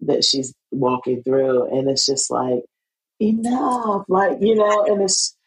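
Low-pitched woman host, lots of "um" and "you know", gets lively and laughs a lot, chatty interview. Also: slow, poor audio. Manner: animated, laughing, many fillers and restarts. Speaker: podcast host. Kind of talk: casual interview chat.

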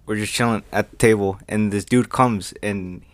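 A man's voice: fairly low pitch, steady tone, normal speed. A young man casually telling a rambling story on a podcast, acting out both sides of the dialogue. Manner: rambling, acts out dialogue, many fillers. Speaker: podcast co-host.

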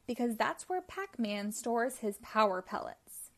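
A woman's voice: fairly high pitch, sing-song, a little slow, exaggerated voice. Woman whispering as a sneaky ghost, Inky. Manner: hushed whispering and whimpering. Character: sneaky whining male ghost.

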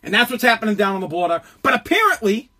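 A man hosting a political commentary show, delivering a heated, mocking rant full of swearing and frequent shouting. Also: high voice, big pitch swings, quick pace. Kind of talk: profane political rant monologue.

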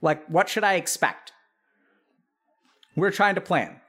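A man hosting a podcast, giving casual advice in an animated way, peppered with "like" and "right?" and acting out what imagined relatives would say. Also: high voice, takes it slowly. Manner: animated, acts out imagined family members mid-sentence; frequent fillers "like" and "right?".

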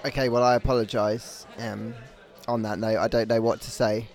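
A man's voice: fairly low pitch, level tone, normal speed, darkish tone, some chatter behind. Easygoing man in casual bar chat. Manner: easygoing, good-natured. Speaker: podcast co-host. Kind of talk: casual banter.

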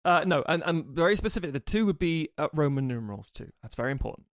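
Male podcast host, mid pitch, casual and jokey, dry close mic. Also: lively intonation, fast, dry recording. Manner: rambling, jokey, often trails off and restarts.

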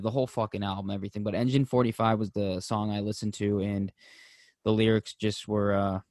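Animated young man telling a story. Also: no room sound, clean studio sound. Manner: animated storyteller, leaps into high excited voices when quoting others; drops soft and low on heavy moments. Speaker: podcast co-host. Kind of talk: casual chat.

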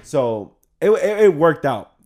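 A young man telling stories in casual chat. He talks with slang and swearing, laughs often, and gets loud when acting out his friends. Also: fairly high pitch, big pitch swings, takes it slowly. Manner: slangy and profane.

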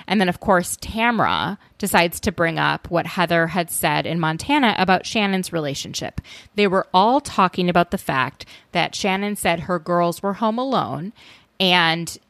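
A woman hosting a solo recap podcast in a casual, opinionated way. Her voice sits low with plenty of vocal fry. The sound is dry and close, and she talks with an exasperated edge. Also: normal speed, fairly bright tone, dry recording. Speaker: podcast host.

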